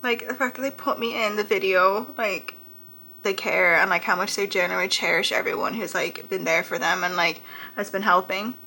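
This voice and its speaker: A woman's voice: medium pitch, moderate pace, sharp tone, a little hiss or hum. A woman hosting a reaction video, talking casually and emotionally with lots of "like" fillers. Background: faint music video playing.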